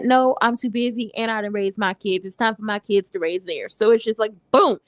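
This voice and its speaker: A woman hosting a casual TV recap, talking in a sassy, animated way and acting out lines from the scenes. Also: a little high, a little fast, hardly any pauses, no echo. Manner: animated, sassy, retells scenes with quoted voices. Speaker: recap host.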